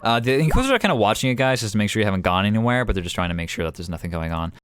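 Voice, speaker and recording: Fast-talking low-voiced game master. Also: male voice, expressive, fairly bright tone, clean tone. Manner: rapid, rambling with fillers. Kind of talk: narrating a tabletop game on stream.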